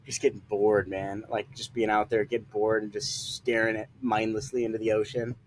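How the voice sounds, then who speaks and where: A man's voice: lowish voice, level tone, a little fast. Laid-back young man, faint background noise. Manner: laid-back, laughs easily, lots of fillers like "like" and "man". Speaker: guest, solo sailor and content creator. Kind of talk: casual conversation.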